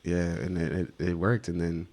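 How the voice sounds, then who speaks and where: A man with a low voice talks through his path into photography in a relaxed interview. He slips into livelier imitations of the people he quotes as he tells it. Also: moderate pace. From United States. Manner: animated storyteller acting out quoted voices. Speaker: guest photographer. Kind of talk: casual storytelling interview. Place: studio set.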